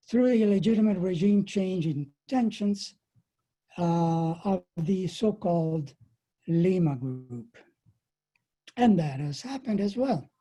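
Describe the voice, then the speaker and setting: A woman giving a prepared political talk at an online webinar, measured and deliberate, pressing hard on key words. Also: medium pitch, warm tone, slightly rough, poor audio. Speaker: webinar speaker. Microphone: computer mic on a video call.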